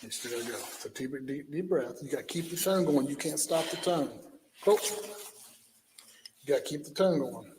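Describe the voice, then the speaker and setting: A man's voice: mid-range voice, moderate pace, pauses often, roomy sound, big-room sound, noisy background. A male police officer giving stern, commanding instructions to a detainee.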